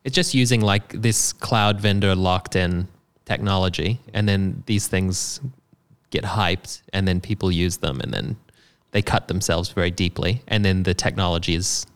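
Gravelly low-voiced man in casual tech chat. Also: moderate pace. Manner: laid-back, swears casually, explains with fillers. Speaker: software developer.

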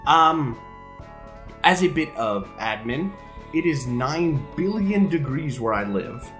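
A man's voice: on the high side, animated, slow pace, a bit bright, faint music behind. A man in his thirties co-hosting a casual podcast about retro games, talking in a jokey, rambling, playful way from a room at home. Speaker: podcast co-host. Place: home room with open window.

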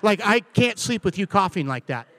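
A comedic church talk from a forties-aged guest speaker, full of animated storytelling, acted-out lines and back-and-forth with the congregation during the service. His voice sits high at a moderate pace on a dry recording.

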